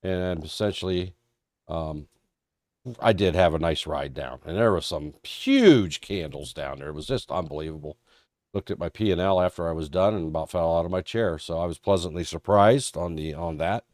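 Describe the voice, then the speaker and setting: Folksy stream moderator, stuffed up from a cold, low-pitched, recorded dry and close. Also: male voice, expressive, normal speed, darkish tone, no room sound. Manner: folksy, rambling, self-deprecating. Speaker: trading show moderator. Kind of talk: live-stream market talk.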